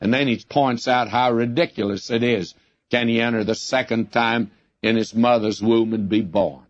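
A man's voice: medium pitch, steady tone, moderate pace, no echo. Man, sermon preacher, storytelling delivery, dull lo-fi sound, dry close recording. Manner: storytelling, acting out quoted lines.

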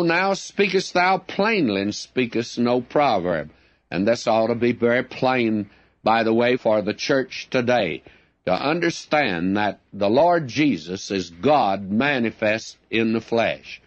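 A man's voice: medium pitch, no echo, lo-fi sound. A man teaching verse by verse from the Bible in an earnest, plainspoken way, often calling his listeners friends.

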